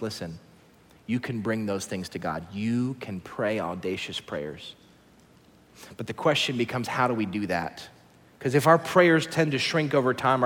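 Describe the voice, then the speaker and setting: A man in his thirties preaching a sermon as a pastor, telling stories with lively shifts between hushed and excited delivery. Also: medium pitch, big-room sound.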